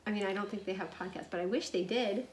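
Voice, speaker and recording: A woman in her thirties co-hosting a podcast from a cabin, chatty and animated, recorded through wireless earbuds. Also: medium pitch. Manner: chatty, animated, quick to laugh. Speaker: podcast co-host. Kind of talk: casual podcast chat. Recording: roomy echo.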